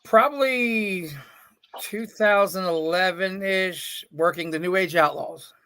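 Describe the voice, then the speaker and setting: A middle-aged man with a notably high speaking voice tells stories from his career as an interview guest. He acts out each quote in the other person's voice, peppering it with "I'm like" and "he goes.". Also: takes it slowly, clean tone. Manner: animated storyteller, quotes people in their own voices. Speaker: guest, veteran indie pro wrestler. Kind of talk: casual storytelling interview.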